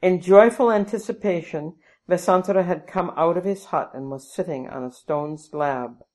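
A woman narrating a storybook in a measured, even way. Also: fairly low pitch. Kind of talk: storybook reading.

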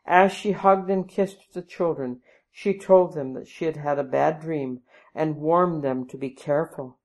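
Woman narrator for a storybook, low-pitched, measured and even delivery. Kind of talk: storybook reading.

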